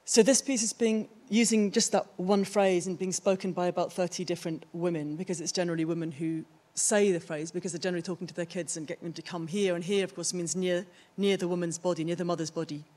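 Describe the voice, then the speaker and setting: A woman's voice: fairly low pitch, fairly even intonation, quick pace, few pauses, darkish tone. A middle-aged woman giving a conference talk about her own art, thoughtful and searching for the right words. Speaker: artist presenting her work. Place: theatre stage.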